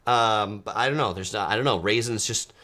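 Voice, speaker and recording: A man's voice: lowish voice, brisk, pushed and bright. A man from California hosting a food video, chatting casually and enthusiastically while reading viewer comments, with frequent ums and uhs.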